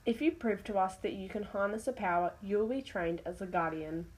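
A woman reading the lines of a wise female wolf who mentors a young cat in a storybook tale, measured and instructive. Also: medium pitch, a little mellow, close to an everyday voice, rough recording. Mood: stern.

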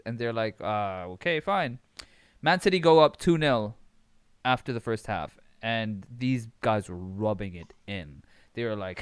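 Young guy from abu dhabi ranting about football, smooth resonant voice, dry close sound, swears a lot. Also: lowish voice, measured pace, no room sound. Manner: animated, swearing, laughs while telling stories. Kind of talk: casual storytelling chat.

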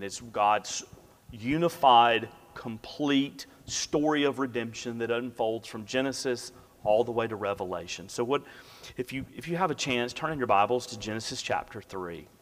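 Pastor, male, storytelling sermon voice that falls to a near whisper at tender points, big reverberant sanctuary. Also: medium pitch. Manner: storytelling, drops to a hush for quiet moments. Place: church sanctuary. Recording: long hall reverb.

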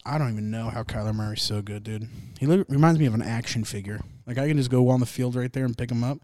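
A man's voice: mid-range voice, quick pace, warm tone, no echo, clean studio sound. A young man hosting a laid-back sports podcast, rambling, joking and swearing as he reacts to games. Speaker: podcast host. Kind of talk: casual sports chat.

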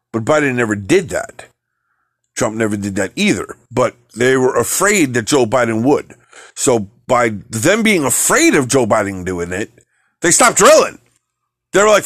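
His voice is a little high and fairly bright, captured in clean studio sound without any room echo. He hosts a podcast, tearing into politics in a heated, swearing rant, repeating words and starting over often.

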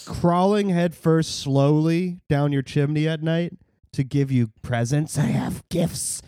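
A man co-hosting a casual comedy chat, tossing in deadpan jokes and quick asides. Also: a little high, clear, resonant tone, no room sound, clean studio sound. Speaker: podcast co-host.

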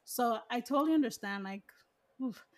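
Chatty woman, slightly high voice. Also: moderate pace. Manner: rambling, lots of "like" and "you know". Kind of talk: casual chat.

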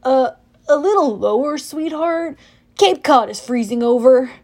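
A woman voicing a laid-back young male sun god who drawls calm, breezy advice. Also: sits high, measured pace. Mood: strained calm.

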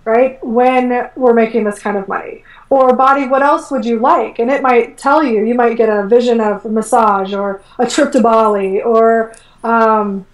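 A woman's voice: a little high, moderate pace. A woman guest in a casual interview, telling stories with lots of fillers and acting out her own quotes. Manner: animated storytelling, acts out her own quotes, many fillers like "like" and "um". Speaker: guest, energy work coach. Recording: echoey room, voice far from mic.

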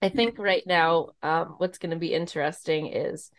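A woman's voice: low voice, steady tone, moderate pace. A pregnant woman co-hosting a podcast, telling family stories in casual chat and laughing often. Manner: chatty storyteller, laughs often. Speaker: podcast co-host.

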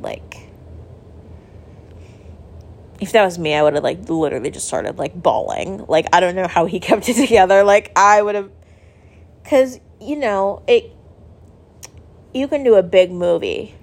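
A woman's voice: mid-range voice, animated, moderate pace, vocal fry, darkish tone. A young woman telling a story casually in a vlog, chatty and emotional, saying "like" a lot. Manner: chatty, heavy use of "like", emotional. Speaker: vlogger.

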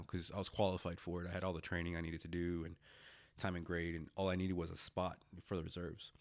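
A man's voice: low-pitched, monotone, fast talker, no room sound. A man in his thirties, a military veteran, telling his own story bluntly, swearing often and restarting his sentences. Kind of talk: candid personal storytelling.

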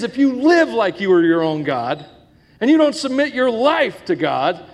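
High-voiced joking pastor in reverberant church. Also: male voice. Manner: joking, asks the congregation questions. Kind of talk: sermon. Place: church sanctuary with congregation. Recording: long echo of a church hall.

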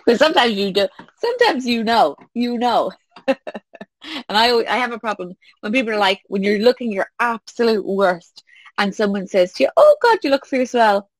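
A woman with a fairly high voice coaches on business at a normal speed, recorded dry. She keeps it casual and animated, performing short quoted exchanges with laughter.

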